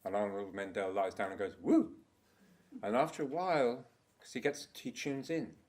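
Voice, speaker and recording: A man's voice: lowish voice, animated, brisk. An older man giving a loose, rambling conference talk, swearing now and then and laughing at his own stories. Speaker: conference speaker. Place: conference hall.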